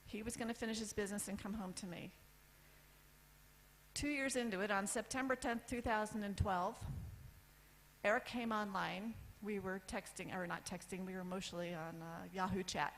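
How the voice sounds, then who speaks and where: A woman's voice: mid-range voice, fairly even intonation, slight background noise, low-quality recording. Candid woman telling her own story. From United States. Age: 50s. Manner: candid, lists items with pauses for effect. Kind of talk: personal story talk on stage. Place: event stage.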